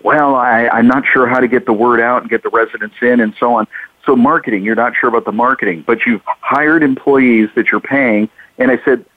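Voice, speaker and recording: A man's voice: medium pitch, no room sound. A man co-hosting a talk radio show, recounting anecdotes and slipping into the voices of the people he quotes. The sound is thin and phone-like, with a very dry, close feel and no room around it. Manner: storytelling, acts out callers' lines. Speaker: co-host.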